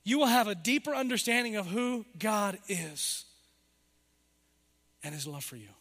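Man, middle-aged, pastor, sermon, high voice, emphatic then hushed, long hall reverb. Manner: emphatic preaching, rising high for emphasis then dropping low and soft.

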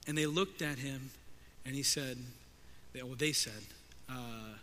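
A man preaching a sermon, expressive and emphatic, voicing the characters he quotes. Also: mid-range voice, measured pace, long pauses, a little hiss or hum. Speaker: pastor. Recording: long hall reverb.

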